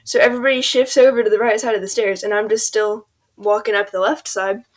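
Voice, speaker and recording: A woman's voice: mid-range voice, steady tone, fast talker. A teenage girl rambling casually through a storytime over gameplay, full of "like" and "um", quoting people as she goes. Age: teens. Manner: rambling, filler-heavy, quotes people in voices. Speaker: gaming video creator.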